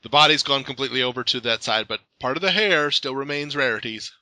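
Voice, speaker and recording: Very bright-voiced young male podcast host. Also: mid-range voice, quick pace, no echo, poor audio. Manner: enthusiastic, playful, stammers on restarts. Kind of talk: casual podcast interview.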